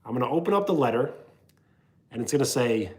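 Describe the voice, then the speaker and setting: A man's voice: mid-range voice, animated, a little fast, slightly rough. A man hosting a livestream, chatting casually and playfully with viewers and joking with his chat. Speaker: livestream host.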